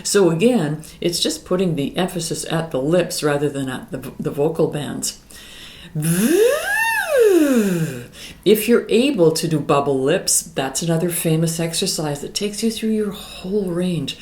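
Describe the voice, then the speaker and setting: A middle-aged woman vocal coach explaining singing warm-ups in a calm, explanatory way. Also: deep voice, normal speed, few pauses, noisy background. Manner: calm, explanatory, breaks into sung exercises. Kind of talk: singing lesson with demonstrations. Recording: echoey room with piano. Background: piano.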